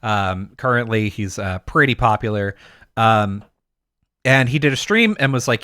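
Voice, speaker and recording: A man co-hosting a podcast in casual chat, animated and swearing freely. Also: lowish voice, a little slow, clean tone, no room sound, clean studio sound. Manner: animated, swears freely, acts out goofy voices. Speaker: podcast co-host.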